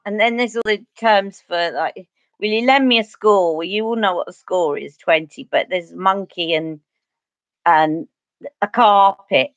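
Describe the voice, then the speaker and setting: A woman's voice: medium pitch, unhurried, dry recording, lo-fi sound. Cockney lady from east london rambling on a makeup livestream, chatty, dead dry sound. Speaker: beauty vlogger host. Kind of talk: casual chat during livestream makeup.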